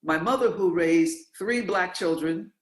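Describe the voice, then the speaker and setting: An interview host from New York tells stories in an animated, emphatic way and often repeats words for effect. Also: mid-range voice, a little slow. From New York, USA. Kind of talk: interview, conversational. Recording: roomy, echoey sound.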